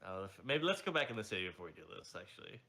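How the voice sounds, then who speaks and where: A man's voice: lowish voice, sing-song, very fast, vocal fry, bright, forceful tone. A young man playing a tabletop game, hesitant and dry in casual chat. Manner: hesitant, dry, many uh's. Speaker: player.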